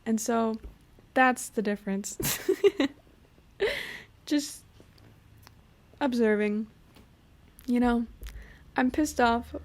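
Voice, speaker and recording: A young woman hosting her own podcast, talking through a personal story in a casual, reflective way, with lots of "you know" and "like". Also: mid-range voice. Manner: relaxed, chatty, frequent "you know" and "like". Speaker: podcast host.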